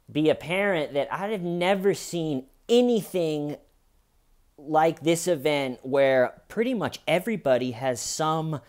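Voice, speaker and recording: A man's voice: a little high, clear, resonant tone. A man delivering a rambling, sarcastic comedic commentary monologue, often acting out quotes in mocking voices.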